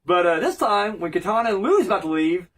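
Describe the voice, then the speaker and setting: A man's voice: high-pitched, very animated, a little fast, low-quality recording. A man giving a rambling, profane, joking casual recap of a cartoon episode as a reviewer.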